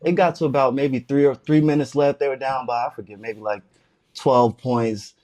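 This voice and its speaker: A young adult man co-hosting a casual podcast. He chats and tells stories in a relaxed way. His voice sits in a middle range. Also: mid-range voice, normal speed. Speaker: podcast co-host. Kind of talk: casual interview chat.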